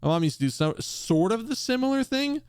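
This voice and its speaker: A man's voice: very high voice, big pitch swings, a little fast, a little mellow, clean tone. A man streaming a game, telling a rambling, profane story in a casual way. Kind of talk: casual storytelling while gaming.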